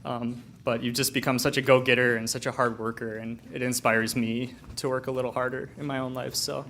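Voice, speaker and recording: A man's voice: mid-range voice, level tone, fairly quick, fairly bright tone, slight background noise. Casual man giving a chuckling wedding toast. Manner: conversational, chuckling, with frequent fillers. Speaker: friend of the couple giving a toast. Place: wedding reception.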